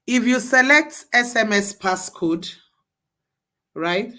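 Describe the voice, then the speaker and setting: A woman's voice: on the high side, expressive, takes it slowly, bright, forceful tone. A woman leading a live class, walking students through each step and repeating herself to coax them along. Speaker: bootcamp instructor.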